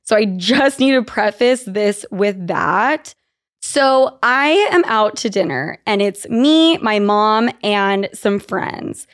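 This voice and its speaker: A young woman from Utah hosts a podcast, telling candid, profane stories in an animated way during casual chat. Her voice is mid-range and smooth, and she speaks at a slow pace.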